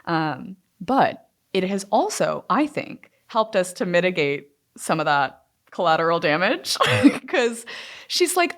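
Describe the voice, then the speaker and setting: A woman's voice: on the low side, sing-song, takes it slowly. A woman co-hosting a podcast, chatting in an upbeat way with lots of filler words. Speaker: podcast co-host. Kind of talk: casual chat.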